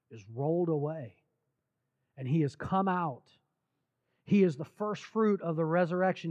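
A man preaching a sermon, retelling scripture stories earnestly with repeated words and dramatic pauses. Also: on the high side. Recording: dull lo-fi recording.

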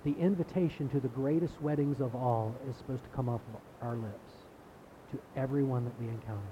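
A man's voice: medium pitch, steady tone, brisk, noisy background. A man giving a sermon as pastor, in a conversational preaching style that repeats words and builds emphasis.

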